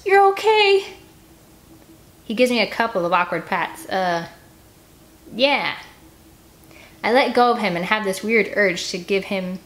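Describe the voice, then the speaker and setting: A gentle, expressive woman reading a story. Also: mid-range voice. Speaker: audiobook reader. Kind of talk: first-person storybook narration.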